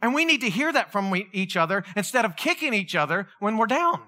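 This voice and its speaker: A man preaching a conversational sermon, acting out quotes in an animated way. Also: high voice, fairly quick. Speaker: pastor.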